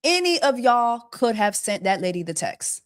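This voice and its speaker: Her voice is fairly high with big swings in pitch, at a normal speed. Hosting a celebrity gossip livestream, she sounds casual and fed up, rattling off rhetorical questions again and again and making fun with jokes about quacking birds.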